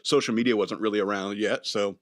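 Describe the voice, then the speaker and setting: A man hosts a relaxed chat show, talking loosely and rambling from one thought to the next. He chuckles between lines and slips into silly character voices as he goes. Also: lowish voice, brisk. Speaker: podcast host. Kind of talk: casual chat.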